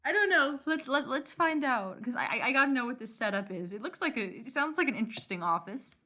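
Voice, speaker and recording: A woman co-hosting a casual read-aloud of a novel, animated and chatty with lots of banter. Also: high voice, quick pace. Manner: animated, giggly, many restarts. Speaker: book reading co-host.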